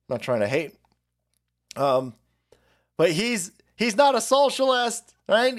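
A man hosting a livestream, ranting about politics in a crude, mocking way with many restarts. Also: fairly high pitch. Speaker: livestream host. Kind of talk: profane political rant.

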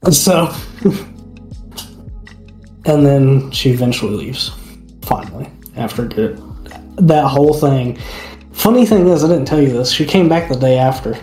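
A woman with a strikingly deep voice chats on a podcast, telling her story in an easygoing, unhurried way. Her voice rings in a roomy, echoey space, with faint music underneath. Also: animated, dark tone. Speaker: podcast co-host. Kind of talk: casual chat. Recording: echoey room.

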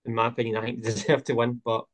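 A man's voice: mid-range voice, little pitch movement, very fast. A man hosting a casual football podcast, talking with many hesitant fillers. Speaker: podcast host.

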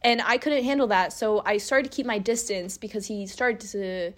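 A woman's voice: medium pitch, normal speed. A young woman around twenty telling a candid, emotional personal story and laughing now and then as she talks. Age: young adult. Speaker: vlogger.

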